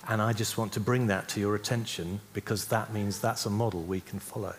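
A man with a lowish voice gives a relaxed church teaching on healing prayer. He talks conversationally and keeps checking that listeners follow with a quick "yeah?". A faint hum sits behind him. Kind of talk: teaching talk to a church group.

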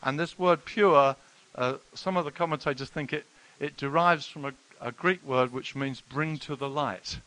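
A middle-aged man preaching a sermon, telling stories with sudden loud exclamations and hushed, earnest passages. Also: fairly high pitch, moderate pace, hardly any pauses, poor audio. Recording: faint hiss.

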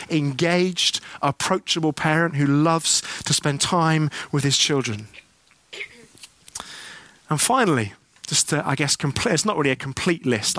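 A middle-aged man delivers a sermon in an earnest, conversational way, asking his congregation questions as he goes. His voice sits fairly high for a man, and the sound is close and dry. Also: a bit bright, dry recording. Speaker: preacher.

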